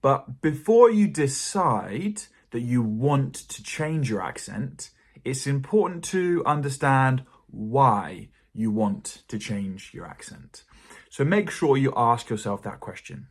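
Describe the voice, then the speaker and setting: A man with a British accent, an English teacher giving a clear, measured, encouraging lesson to camera. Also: mid-range voice, lively intonation.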